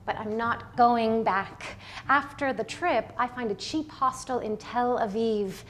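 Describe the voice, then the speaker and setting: A woman's voice: a little high, unhurried, a bit bright. A woman from Canada, narrating wistfully in a documentary stage play. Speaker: performer.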